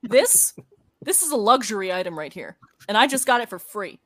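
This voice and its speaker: A woman playing a tabletop game, chatty and animated, laughing often. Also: medium pitch, moderate pace, no room sound. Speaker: player.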